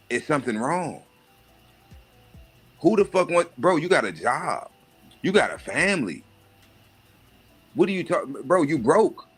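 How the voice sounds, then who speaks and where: Brief: adult man, livestream host, blunt and animated, punchy bright tone. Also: mid-range voice, slightly rough. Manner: profane, animated rant with mocking put-on voices. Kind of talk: casual monologue.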